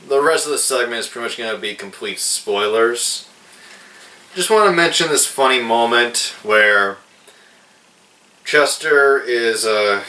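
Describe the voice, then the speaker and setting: A man reviewing a film in a casual, hesitant way, pausing often with fillers. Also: lowish voice, bright, forceful tone. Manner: slow, hesitant, with many fillers. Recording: roomy echo, distant mic.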